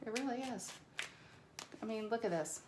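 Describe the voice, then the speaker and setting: A woman doing a casual tarot reading to camera, chatty and excitable, a little nervous and stumbling over her words. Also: on the high side, moderate pace, heavy background noise. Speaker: tarot reader.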